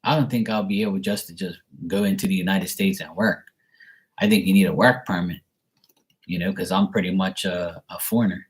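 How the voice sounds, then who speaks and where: In a low, steady voice, slightly fast, a man from Bermuda responds to messages from viewers during a relaxed live chat reading. His talk rambles, and he laughs at himself often.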